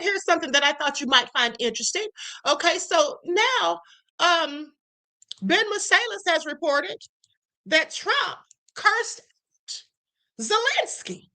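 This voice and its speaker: Bright-voiced chatty woman streamer. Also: very high voice. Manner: chatty, opinionated, addresses viewers directly. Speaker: live stream host. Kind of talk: casual commentary live stream.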